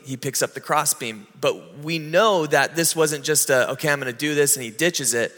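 A man preaching a sermon in a conversational way, slowing down and lifting his voice to stress key moments. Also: a little high, sharp tone, long reverb tail. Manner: conversational preaching, slows and rises for emphasis. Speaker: pastor.

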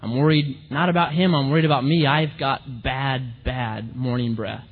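A woman's voice: extremely low pitch, fairly even intonation, moderate pace, long reverb tail, narrow, tinny audio. A man voicing a worried young bride in a told joke, anxious and pleading.

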